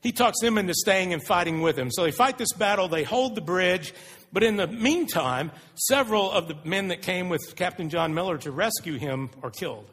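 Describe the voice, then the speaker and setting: A man preaching a sermon, retelling stories in an earnest, animated way. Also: sits high, normal speed, breathy edge. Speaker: pastor. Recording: long reverb of a large hall.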